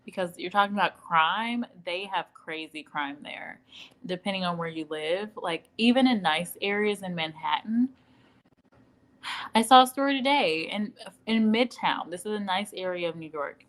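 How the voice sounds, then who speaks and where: A woman at home runs a relaxed livestream, picking up viewer comments one by one. Her voice sits at an ordinary middle pitch, and she acts out little quoted exchanges in a lively way. She chats freely and laughs easily between thoughts. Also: moderate pace, poor audio. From Midwestern United States. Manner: chatty, animated, laughing, acting out quoted dialogue. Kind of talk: casual live-stream chit-chat. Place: at home in Dallas.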